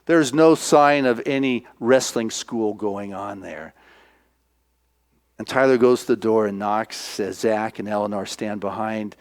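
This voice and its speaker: A male minister preaching, retelling a film as an animated storyteller who acts out the voices. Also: fairly low pitch, measured pace.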